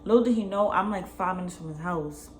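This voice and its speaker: A young adult woman, telling a personal story in a slangy, animated way. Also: on the low side, brisk, noisy background. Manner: animated, slangy retelling, acts out both sides. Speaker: vlogger. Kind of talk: casual storytime.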